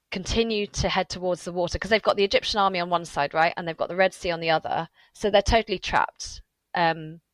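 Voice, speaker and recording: Lively woman author telling a story. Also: low-pitched, no echo, low-quality recording. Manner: animated storytelling with laughs and asides. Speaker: author guest. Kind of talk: podcast interview.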